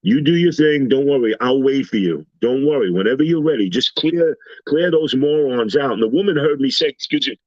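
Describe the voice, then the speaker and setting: A man on a talk panel, telling everyday stories in a casual, animated way and acting out the people he quotes. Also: mid-range voice, a little fast, dry recording. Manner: animated storyteller, acts out quoted voices. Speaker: panel guest. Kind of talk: casual storytelling chat. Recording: slightly dull lo-fi sound.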